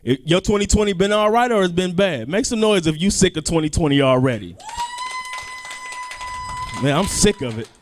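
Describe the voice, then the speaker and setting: A male comedian doing a stand-up set, animated, swinging between loud outbursts and low asides. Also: moderate pace, long pauses, a little hiss or hum.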